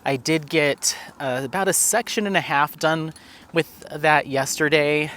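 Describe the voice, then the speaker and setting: A man's voice: fairly high pitch, a little slow, fairly bright tone. A man chatting casually for his crafting vlog while walking outdoors, rambling with many fillers and coaxing his dog in a playful, raised voice. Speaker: crafting vlogger. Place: outdoors on a walk.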